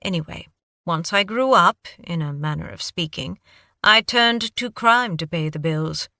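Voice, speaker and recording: Woman reading a wry, refined British-accented male scholar, bright tone, dry sound. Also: high-pitched, lively intonation, measured pace, no echo, exaggerated voice. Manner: urbane, self-deprecating.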